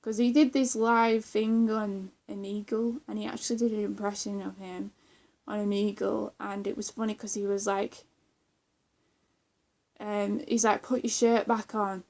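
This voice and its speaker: A woman's voice: medium pitch, little pitch movement, a little slow, vocal fry, darkish tone. Rambling, giggly young woman. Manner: rambling, giggly, many fillers and restarts. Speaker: vlogger. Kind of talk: casual chat.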